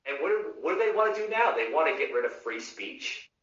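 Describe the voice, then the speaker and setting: A man's voice: fairly high pitch, very animated, a little fast, a bit bright, a little hiss or hum. A man hosting a live podcast, ranting casually about politics with swearing and repeated restarts. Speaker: podcast host. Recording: muffled, echoey audio heard from a distance.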